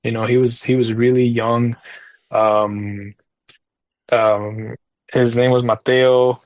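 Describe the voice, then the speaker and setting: A man's voice: medium pitch, level tone, takes it slowly, no echo. Rambling, slangy man in a dry room. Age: adult parent. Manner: rambling, loose delivery full of fillers and slang. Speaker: podcast co-host talking soccer video games. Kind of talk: casual storytelling chat.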